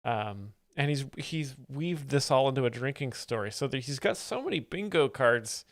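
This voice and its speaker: A man who hosts a show explaining jokes, giving deadpan mock-expert commentary in a dry, matter-of-fact way. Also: mid-range voice, normal speed, no room sound.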